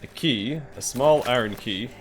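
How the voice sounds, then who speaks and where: A man's voice: medium pitch, unhurried, a little hiss or hum. A man hosting a let's play, reading item descriptions aloud with dry, joking asides. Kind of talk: gameplay commentary, reading item text aloud.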